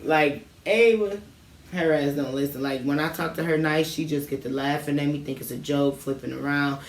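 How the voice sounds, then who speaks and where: A woman's voice: low-pitched, normal speed, far from the mic. A woman co-hosting a casual late-night chat while smoking, telling childhood stories in a laid-back, slangy way. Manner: laid-back storytelling, lots of slang and laughter. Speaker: podcast co-host. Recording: echoey room, off-mic, faint noise.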